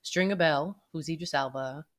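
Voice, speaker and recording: A woman co-hosting a podcast, chatting casually and telling stories with lively mimicry. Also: low-pitched, normal speed. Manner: animated storyteller, laughs and mimics loudly. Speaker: podcast co-host. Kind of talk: casual chat.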